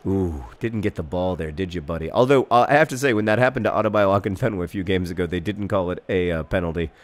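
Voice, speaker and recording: A man in his thirties hosting a casual gameplay video, rambling through asides and breaking into excited shouted commentary. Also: low voice, fast talker. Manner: excitable, bursts into shouted mock-epic commentary and chants; rambling, self-deprecating asides. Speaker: gaming video host.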